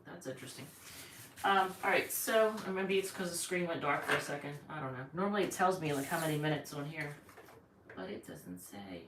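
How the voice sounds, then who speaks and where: A woman's voice: deep voice, lively intonation, fairly quick, distant mic. A woman giving a rambling, chatty tarot reading on a live stream from home, thinking aloud as she goes. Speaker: tarot reader. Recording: echoey room, voice off-mic, faint noise.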